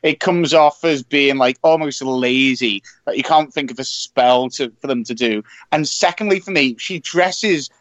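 A man's voice: mid-range voice, measured pace, few pauses, dry recording. A man co-hosting a podcast in casual chat, rambling with many restarts. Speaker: podcast co-host.

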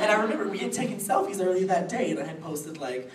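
A woman's voice: medium pitch, expressive, fast talker, over a noisy crowd. A woman in her late twenties chatting in a bubbly, giggly way as a guest on a convention panel. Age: late 20s. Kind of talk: casual panel chat. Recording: echoey room recorded from far off with noise.

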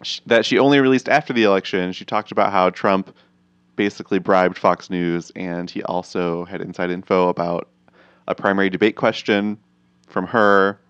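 A man's voice: sits low, steady tone, moderate pace, a bit bright, smooth, no echo, highs cut off. A man chatting casually as a podcast co-host, easygoing and telling a story with many fillers. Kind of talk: casual chat.

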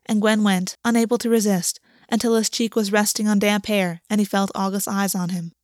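A woman narrates a story aloud in a soft, even manner. Her voice sits at a medium pitch. The recording is dry and close, with no echo. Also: a little fast.

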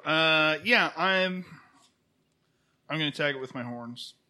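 A man's voice: a little high, a little slow, bright, forceful tone, slight background noise. A man playing a tabletop game, playful and joking as he describes his attacks. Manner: playful, jokey. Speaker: player. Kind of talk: casual tabletop game play.

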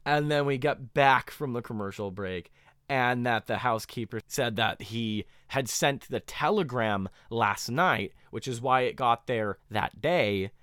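Man co-hosting a podcast, animated storyteller, smooth clear voice, dry close sound. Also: medium pitch, dry recording. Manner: animated storytelling, laughs often. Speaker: podcast co-host. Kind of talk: casual chat recapping a show.

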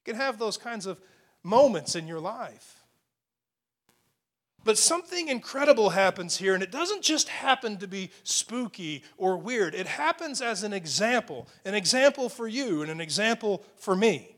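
A man's voice: sits high, animated, normal speed, fairly bright tone. A middle-aged man preaching a sermon, building intensity and asking rhetorical questions. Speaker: pastor.

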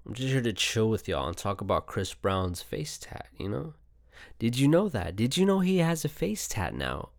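A man's voice: fairly low pitch, no room sound, clean studio sound. Profane rambling man hosting a podcast. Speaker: podcast host. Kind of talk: casual solo podcast chat. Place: home setup, Arizona.

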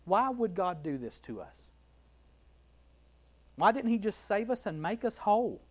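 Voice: medium pitch, sing-song, measured pace, darkish tone. Bible study teacher; emphatic, repetitive delivery, rhetorical questions, walks through a verse line by line. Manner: emphatic, repeats key phrases, asks rhetorical questions.

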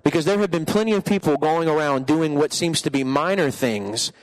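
A man preaching a sermon, animated and conversational, shifting between lively asides and quiet earnest passages. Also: fairly high pitch, fairly quick. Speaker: pastor.

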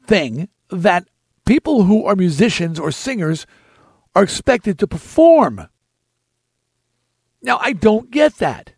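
A man hosting a podcast, telling a story in an animated, emphatic way. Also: sits high, creaky, dry recording, studio quality. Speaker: podcast host. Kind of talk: storytelling chat.

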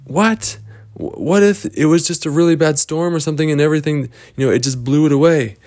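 A man voicing a group of eager, excited children in a told story, raising his voice high and talking in quick bursts. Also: gravelly.

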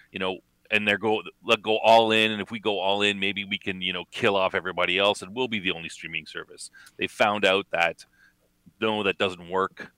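A man's voice: sits low, steady tone, fairly quick, bright, forceful tone, smooth, no echo. A man with a Canadian accent, co-hosting a casual chat, rambling with plenty of fillers and jokes. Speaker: co-host.

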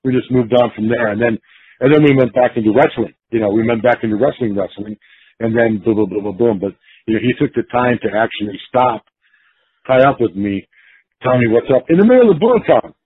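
A man's voice: medium pitch, animated, fairly quick, husky, no room sound. A man who used to be a pro wrestler, telling stories in a rambling way, with lots of fillers and restarts. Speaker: former pro wrestler, guest. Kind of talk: casual storytelling interview. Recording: dry, phone-like narrowband sound.

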